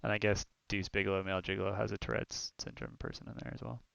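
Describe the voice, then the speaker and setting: A young man co-hosts a streamed talk show, chatting casually and rambling through animated stories full of fillers. His voice sits fairly low with vocal fry, he talks fast, and there's no echo.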